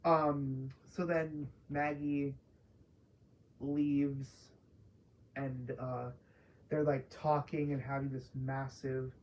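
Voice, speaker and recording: A woman's voice: sits low, a little mellow, a little hiss or hum, rough recording. A woman casually ranting through a spoiler review of a TV episode, profane and exasperated, mocking characters she dislikes. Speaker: TV show reviewer.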